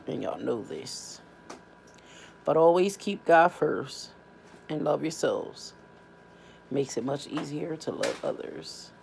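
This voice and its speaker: A tired woman chats loosely with her viewers on a home live stream, full of fillers and drawn-out asides. Her voice sits low and has a gravelly fry. Faint room noise hangs behind her. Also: a little mellow. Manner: drawling, informal, many fillers. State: tired, yawning. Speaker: family channel host. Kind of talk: casual live-stream chat.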